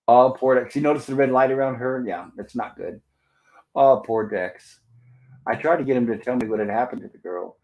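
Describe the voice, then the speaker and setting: A man hosting a live movie review stream, narrating scenes over the film and reading viewer comments aloud. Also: medium pitch. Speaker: livestream host.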